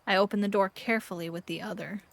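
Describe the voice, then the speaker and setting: A woman streamer narrating an interactive mystery book aloud, playful and animated between passages. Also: mid-range voice, quick pace, creaky, loud music behind the voice. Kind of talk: dramatic read-aloud narration.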